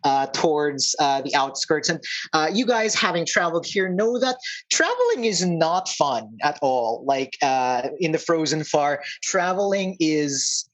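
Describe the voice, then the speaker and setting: A woman running a tabletop game, her voice sitting deep for a woman. She narrates in a loose, rambling way full of fillers and restarts. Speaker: game master.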